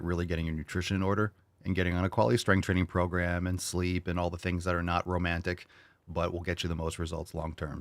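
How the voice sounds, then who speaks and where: Man, very low voice, dry close recording, blunt joking fitness host, casual swearing. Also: fairly bright tone, no echo. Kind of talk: casual solo chat answering listener questions.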